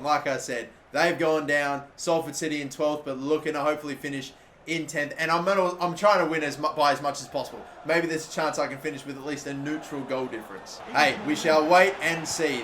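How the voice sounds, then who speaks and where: Man, australian accent, game commentary, excitable, swears a lot, fairly high voice, echoey room. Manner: excitable, swears often, shouts at players. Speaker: gaming YouTuber. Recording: echoey room with faint background noise.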